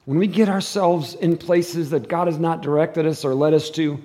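A male pastor preaching a sermon to his church, animated and moving between loud, emphatic stretches and hushed, quiet ones. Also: on the high side, normal speed. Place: church service.

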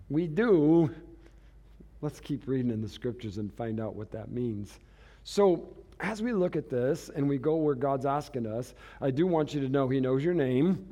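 A man preaching in church with a fairly high voice. He moves from quiet, close lines to loud, dramatic outbursts and laughs easily between points. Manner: dramatic, swings from hushed to shouting; laughs often. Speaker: pastor. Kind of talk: sermon.

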